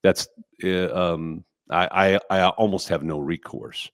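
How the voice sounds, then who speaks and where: A man with a very low voice shares advice in a relaxed chat, thinking aloud with restarts. He sounds close and dry, with no room around him. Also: a little slow, dry recording. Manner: reflective, many fillers and restarts. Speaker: podcast co-host and business coach.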